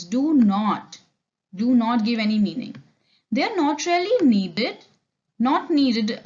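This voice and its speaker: Higher-pitched Indian woman teaching English grammar. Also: highs cut off. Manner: explanatory, switches between Hindi and English mid-sentence. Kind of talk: bilingual classroom lecture.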